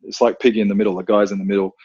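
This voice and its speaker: A man talking as a podcast guest, blunt and profane, telling animated stories in casual conversation. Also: fairly low pitch, very fast, husky, no room sound, dull audio. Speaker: podcast guest, combat instructor.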